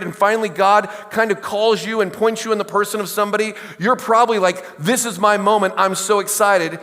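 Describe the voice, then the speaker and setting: In a church sanctuary, a middle-aged male pastor preaches a sermon conversationally, mixing in stories, asides, and questions to the congregation. His voice is high-pitched with a fairly bright tone. A long reverb tail follows his words.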